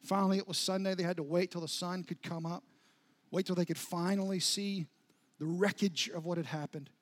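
A man with a high voice preaching a sermon. He tells the story dramatically, dropping to near-whispers and then building up again. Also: fairly even intonation, fairly quick. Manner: dramatic storytelling with sudden soft drops and rising intensity. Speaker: pastor.

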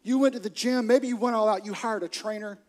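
A male pastor preaching with a high, bright voice. He keeps it lively and funny, slipping into quick acted-out quotes. His energy swings from quiet asides to loud bursts. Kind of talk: sermon.

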